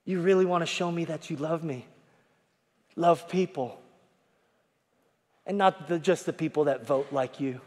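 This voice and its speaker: A male pastor preaching a sermon, folksy, swinging from shouting to hushed tones and calling out to the congregation. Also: fairly high pitch, a little fast, few pauses. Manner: folksy, repeats calls to the congregation. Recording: long hall reverb.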